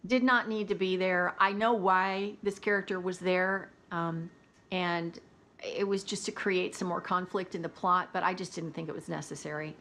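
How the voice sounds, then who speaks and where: A woman's voice: on the low side, steady tone, normal speed, fairly bright tone, a little hiss or hum. Chatty woman reviewing books. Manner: chatty, opinionated, laughs often. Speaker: book reviewer. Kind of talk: casual book review chat.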